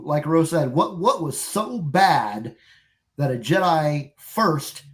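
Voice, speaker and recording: A podcast co-host chatting casually and speaking slowly at a middle pitch. The speech comes out hesitant, with frequent fillers and restarts. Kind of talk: casual chat.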